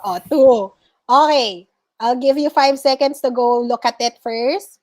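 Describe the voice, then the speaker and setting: A woman's voice: high voice, a little slow, darkish tone. A woman with a Filipino accent teaching a class over a video call, patiently correcting pronunciation word by word. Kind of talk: online class lesson.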